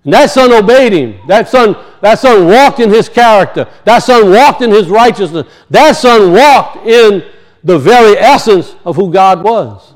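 A man preaching a sermon, emphatic, slowing down to teach word meanings and dropping low and quiet for weight. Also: lively intonation. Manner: emphatic, slows to teach words, drops low and soft for weight.

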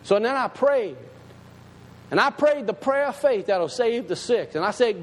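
A pastor preaching in a high voice that leaps up and down. He talks straight to his congregation in a folksy, emphatic way. His words ring with a long reverb, over a faint hum of background noise. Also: expressive, moderate pace. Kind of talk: storytelling sermon.

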